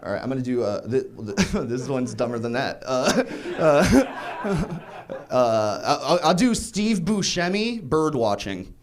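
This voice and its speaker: A man's voice: medium pitch, sing-song, slow. Man, young adult, stand-up comedian, comedy club stage, handheld mic, rambling, self-deprecating. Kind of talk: stand-up set.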